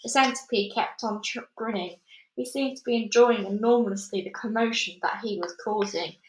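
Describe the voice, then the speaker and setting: Woman reader, bright higher voice, echoey room, reads with the odd stumble. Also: normal speed. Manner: steady reading with small slips and restarts. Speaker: storybook reader. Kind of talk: chapter read-aloud.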